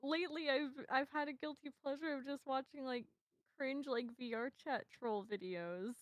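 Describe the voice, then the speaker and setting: A woman's voice: high voice, moderate pace. A woman in casual stream chat, speaking hesitantly as she gathers her thoughts aloud.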